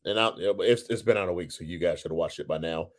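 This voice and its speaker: A man co-hosting a casual chat show, talking loosely and swearing, jumping up into a high voice when he retells his own reactions. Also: fast talker. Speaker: co-host.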